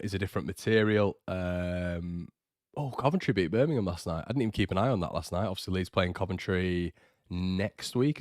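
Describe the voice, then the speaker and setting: A man's voice: low voice, no echo, clean studio sound. A young man hosting a casual live stream, chatty and teasing as he reads out viewer comments. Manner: chatty and teasing, with frequent fillers and restarts. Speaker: host of a fan channel livestream.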